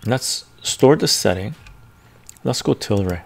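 A man's voice: fairly low pitch, animated, takes it slowly, gravelly, breathy edge. A man, the host, talking casually and thinking aloud as he browses stock charts, often muttering to himself. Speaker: finance video host. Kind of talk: casual screen-share commentary. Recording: ASMR-style close mic.

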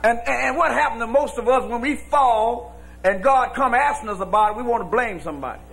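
High, gravelly shouting preacher man. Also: a little fast. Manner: shouting, folksy preaching cadence. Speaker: pastor. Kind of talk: sermon. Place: church with congregation.

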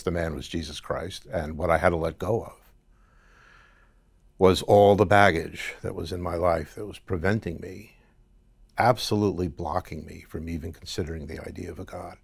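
A man guest in an interview, recounting a dream in a halting way with restarts. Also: sits low, gravelly, slightly rough, dry recording. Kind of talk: testimony interview.

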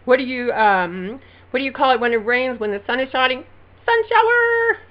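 A woman's voice: fairly high pitch, brisk, dull audio. Giggly Alabama woman reading words. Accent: Alabama Southern US. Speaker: vlogger. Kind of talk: casual word-list vlog.

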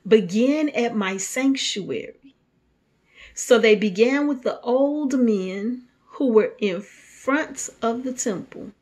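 A woman minister reading scripture aloud and preaching on it, moving between hushed passages and emphatic repetition. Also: fairly high pitch, animated, slow pace. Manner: reads scripture then preaches freely, shifts from soft whispers to fervent emphasis.

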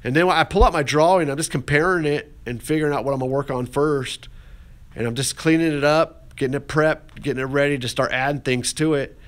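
A man's voice: a little high, brisk. Folksy man teaching a clay lesson. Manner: folksy and encouraging, with many fillers. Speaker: art teacher. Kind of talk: casual classroom demonstration.

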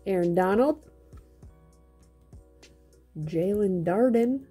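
A woman's voice: mid-range voice, lively intonation, extremely slow, dark tone, husky, soft background music. A woman co-hosting a card-opening video with her husband, reading card names out and teasing him in casual chat. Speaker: co-host, host's wife.

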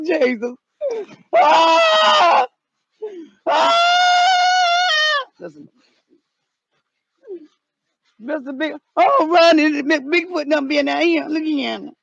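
A woman vlogging outdoors, talking in a dramatic, excitable way with exaggerated fright. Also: high voice, vocal fry, no echo, dull audio. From North Carolina. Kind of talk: casual comedic vlog. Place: outdoors in the cold.

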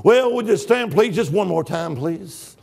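An older man preaching with shouted hallelujahs, acting out dialogue from his story. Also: high-pitched, expressive, a little slow, gravelly, slightly rough. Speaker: guest preacher. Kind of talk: Pentecostal-style sermon.

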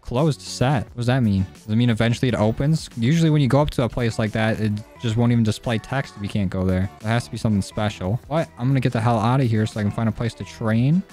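A young man giving casual, jokey gameplay commentary, cursing and getting excited as he plays. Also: mid-range voice, fast talker, hardly any pauses, soft background music. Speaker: gaming YouTuber. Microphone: desk mic.

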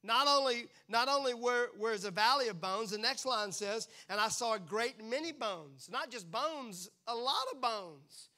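A pastor with a high, bright, ringing voice delivers a sermon in church, addressing the congregation playfully and with animation. He keeps slipping into quick acted-out voices before dropping back to plain talk.

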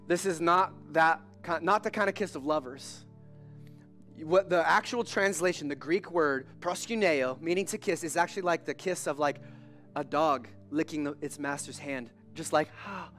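A male pastor delivers a sermon in a high, lively voice, talking to the congregation like friends and slipping in jokes. His delivery is animated and conversational, and faint music sits underneath. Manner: animated, conversational, joking preacher. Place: church service.

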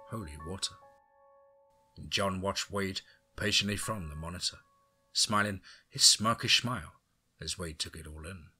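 Deep bright-toned guy reading a horror story, excited and chatty after, soft music behind. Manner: enthusiastic, effusive. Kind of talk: audiobook horror narration.

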